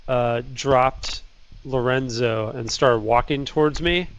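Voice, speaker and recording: Slow, halting male game player. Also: medium pitch, slight background noise, poor audio. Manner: hesitant, halting, with many fillers. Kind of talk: narrating his character's actions. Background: music.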